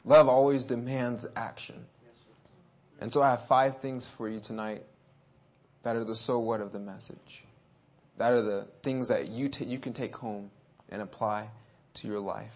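A man preaching a sermon. He shifts between hushed and loud passages, urges his listeners on, and reads scripture slowly and deliberately. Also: medium pitch, fairly even intonation.

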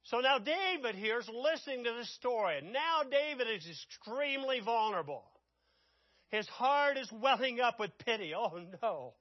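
A man preaching a sermon, telling the story dramatically and swinging from loud outbursts to hushed asides. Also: very high voice, animated, moderate pace, no room sound, lo-fi sound.

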